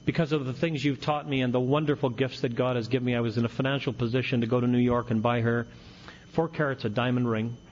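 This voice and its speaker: A man's voice: medium pitch, steady tone, fast talker, big-room sound. A middle-aged man giving a humorous recovery talk as a speaker at a meeting, earnest with a wry streak. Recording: dull lo-fi recording with faint hiss.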